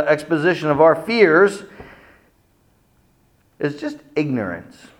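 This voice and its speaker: A middle-aged man preaching a sermon, telling stories dramatically and acting out the quotes with big swings in loudness. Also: fairly high pitch. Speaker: pastor.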